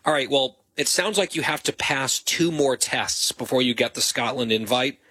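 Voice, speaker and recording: Bright-voiced man hosting a radio show. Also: mid-range voice, moderate pace, slightly rough, dry recording. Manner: teasing, dry banter. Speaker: radio host. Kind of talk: casual radio chat.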